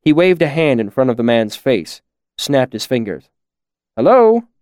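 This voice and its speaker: Male narrator, measured and lively in pitch, dry studio sound. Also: no echo. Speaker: audiobook narrator. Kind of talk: scripted narration.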